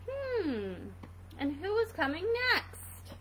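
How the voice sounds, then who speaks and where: A woman's voice: high-pitched, big pitch swings, slow, background noise. A woman reading a picture book aloud to children, asking playful questions about the pictures. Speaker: reader for children.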